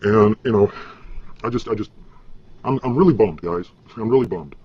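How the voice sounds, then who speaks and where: A man's voice: on the low side, normal speed, slightly rough, dull audio. A man ranting in a rambling vlog, frustrated and profane, stumbling over fillers, heard from a replayed clip. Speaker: vlogger.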